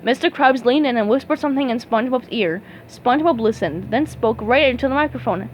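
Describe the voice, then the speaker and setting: A woman reading a storybook aloud, lively, with small slips and restarts. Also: fairly high pitch, a little fast, hardly any pauses, slight background noise, low-quality recording. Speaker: storybook reader.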